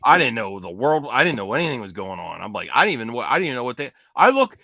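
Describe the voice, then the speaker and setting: Male stream host, casual, joking banter, lively up-and-down delivery. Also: mid-range voice, fast talker, vocal fry, dry recording. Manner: lively, joking, talks over others. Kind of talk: casual group chat on a livestream.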